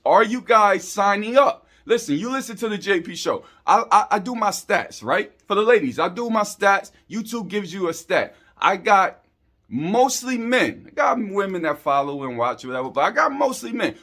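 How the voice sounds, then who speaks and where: Emphatic high-voiced male show host. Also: fairly bright tone. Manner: emphatic, repetitive street-slang delivery. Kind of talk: casual monologue to camera.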